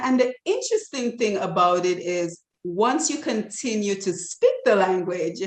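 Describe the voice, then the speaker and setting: A woman guest explaining with passion, talking emphatically with animated examples. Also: mid-range voice. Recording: roomy echo.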